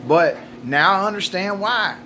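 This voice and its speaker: A man's voice: high voice, animated, measured pace, noisy background. A man, telling a story in a casual, profane, folksy way. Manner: folksy, profane, drawling with repeated "buddy" and "man".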